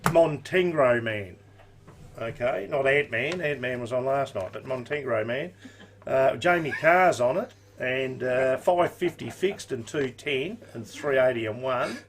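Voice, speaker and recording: A man's voice: medium pitch, lively intonation, unhurried, slight background noise. An Australian man giving horse racing tips and odds in an easygoing live-stream chat, full of casual slang. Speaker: racing tipster.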